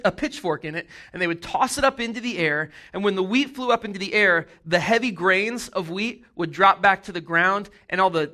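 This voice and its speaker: A man giving a casual, jokey sermon, retelling a story with animated asides and acted-out voices. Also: high-pitched. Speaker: preacher.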